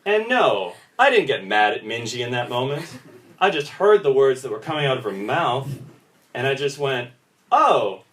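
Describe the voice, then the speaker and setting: A young man performing a stand-up comedy set in a pub, telling stories and jumping into quick voices for other people. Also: mid-range voice. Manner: animated storytelling, acts out others' voices in quick bits. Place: small pub comedy room with audience laughter. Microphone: phone recording from the audience. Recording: roomy, distant phone recording with noise.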